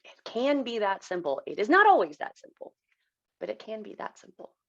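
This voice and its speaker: Woman, 30s, podcast guest, gravelly, lowish voice, candid, dry dull lo-fi recording. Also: sing-song, fairly quick, no room sound. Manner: candid, emotional, acts out quoted dialogue. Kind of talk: personal storytelling in an interview.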